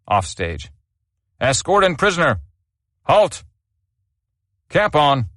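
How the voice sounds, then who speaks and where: A man's voice: mid-range voice, fairly bright tone, no echo, clean studio sound. A man voicing a bellowing army sergeant major who barks clipped drill commands in an audiobook.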